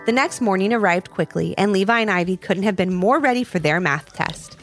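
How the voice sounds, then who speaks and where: A woman reading a children's storybook aloud with an expressive, sing-song delivery. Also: mid-range voice, fairly quick, soft background music.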